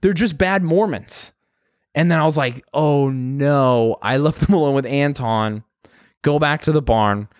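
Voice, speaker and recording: A young adult man, a guest comedian, telling a story in casual chat, animated and swearing freely as he acts out voices. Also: fairly high pitch, moderate pace, no room sound, clean studio sound.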